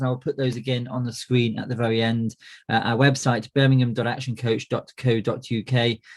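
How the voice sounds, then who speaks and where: A middle-aged man hosting a business coaching webinar, friendly and full of "uh" fillers and restarts. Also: mid-range voice. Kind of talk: presenting a webinar.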